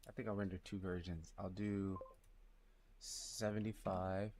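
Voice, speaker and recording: Man, very low voice, gravelly, quiet mumbling self-talk, live 3D artist thinking aloud. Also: little pitch movement, unhurried. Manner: speaks low and quiet, muttering numbers to himself. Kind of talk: thinking aloud while working.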